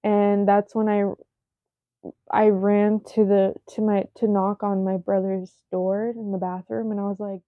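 A young woman telling viewers a painful personal story, halting and full of fillers, often dropping almost to a whisper. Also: mid-range voice, steady tone, dry recording. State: shaken, emotional. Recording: dry, phone-like narrow sound.

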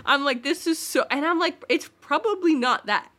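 A high, bright-voiced woman co-hosting a podcast. She chats casually and tells stories with animation, acting out what she said to people. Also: moderate pace. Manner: animated storyteller, acts out her own quotes. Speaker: podcast co-host. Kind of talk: casual chat.

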